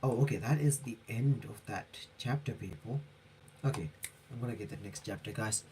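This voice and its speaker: Guy on a live stream reading comics out loud, stops and fixes his words a lot, bit of hiss behind. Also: fairly low pitch, low-quality recording. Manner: halting, with frequent self-corrections. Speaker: manga reaction streamer. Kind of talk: live-stream reading aloud with casual commentary.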